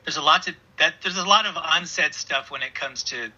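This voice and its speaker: Husky, bright-toned man on lo-fi audio. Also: a little high, a little fast. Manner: supportive, agreeable, laughs easily. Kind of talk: casual chat. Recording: dull lo-fi audio.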